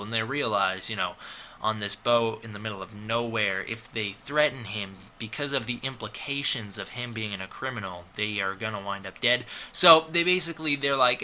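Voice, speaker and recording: Bright-voiced man rambling through a review. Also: mid-range voice, normal speed. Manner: rambling, filler-heavy, sarcastic. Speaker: movie reviewer. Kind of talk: casual film review recap.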